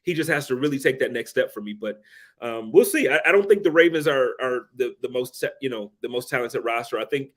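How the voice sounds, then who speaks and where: A man speaking as a guest on a sports podcast, relaxed and casual, hesitating as he forms his opinions. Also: mid-range voice, brisk. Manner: relaxed, hesitant restarts while forming opinions.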